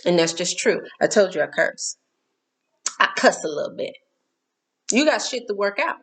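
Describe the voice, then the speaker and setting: A woman's voice: mid-range voice, very animated, normal speed, fairly bright tone. A middle-aged woman hosting a casual spiritual talk, candid and emphatic, repeating herself and cursing now and then.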